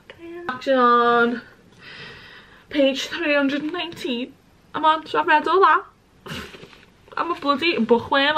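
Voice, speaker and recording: A woman's voice: high voice, sharp tone, a little hiss or hum, low-quality recording. A young British woman chatting casually and rambling to camera, swearing freely. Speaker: vlogger. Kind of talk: casual vlog chat.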